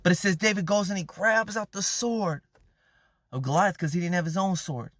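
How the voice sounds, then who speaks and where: A man with a notably high voice preaches in an easygoing, conversational way, dropping slang as he retells a story. The sound is dry and close, with no room echo. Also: moderate pace, a bit bright. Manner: conversational, slangy, acts out quoted characters. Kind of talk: casual sermon retelling a Bible story.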